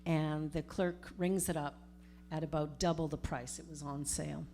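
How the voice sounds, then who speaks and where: A middle-aged woman, a minister giving a storytelling sermon in a conversational, animated way. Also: sits low, moderate pace, a little hiss or hum. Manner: conversational, animated retelling with acted-out quotes.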